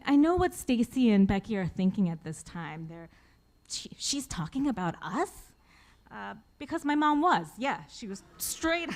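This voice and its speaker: A woman in her forties tells a personal story to a live audience in a wry, self-deprecating way. She laughs at her own punchlines. Her voice sits at an ordinary middle pitch for a woman. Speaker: author telling a personal story on stage.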